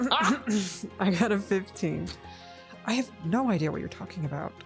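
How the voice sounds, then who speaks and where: A woman's voice: mid-range voice, expressive, slow, over music. A woman playing a tabletop game who speaks hesitantly and unsure of herself. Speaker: player.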